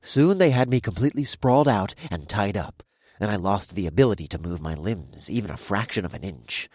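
A man's voice: on the low side, lively intonation, fairly quick, darkish tone, slightly rough, no echo, studio quality. A young man narrating a first-person audiobook in a wry, casual, profane way.

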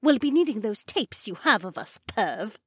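A man voicing a bold, sharp-tongued young woman who speaks bluntly and defiantly. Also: high voice, very animated, normal speed, slightly rough, dry recording, clean studio sound, voice pushed up, heavily acted.

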